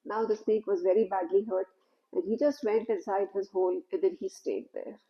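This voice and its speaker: Lady telling a moral story, gentle and easygoing, mid pitch, kinda dull lo-fi sound. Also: steady tone, normal speed. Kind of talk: spiritual storytelling.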